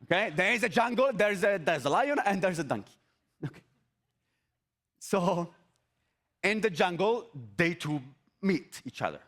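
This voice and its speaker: Animated man giving a motivational talk. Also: sits high, a little slow, long pauses. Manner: energetic and repetitive, with rhetorical questions. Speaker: motivational speaker. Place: event stage.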